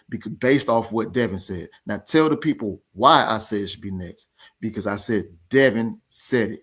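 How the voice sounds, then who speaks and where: A man's voice: on the low side, moderate pace. A man hosting a boxing talk show, ranting in a heated, casual way and repeating his points with emphasis. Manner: animated, repetitive, argumentative.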